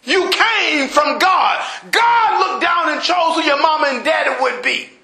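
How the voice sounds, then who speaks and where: A man preaching a sermon, shouting emphatic lines and acting out everyday people in a lowered voice. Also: expressive, measured pace, vocal fry. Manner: impassioned, shouting emphatic preaching with rising bursts. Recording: roomy echo.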